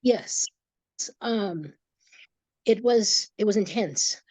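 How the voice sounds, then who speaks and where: A woman, a guest in an interview, telling a personal story with emotion, halting and restarting often. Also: medium pitch, a little mellow, no echo. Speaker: guest, energy reader.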